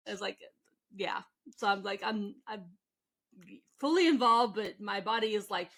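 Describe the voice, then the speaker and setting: A woman's voice: medium pitch, normal speed, fairly bright tone, poor audio. A woman hosting a casual interview, tired and yawning, chatty and rambling with fillers. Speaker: host.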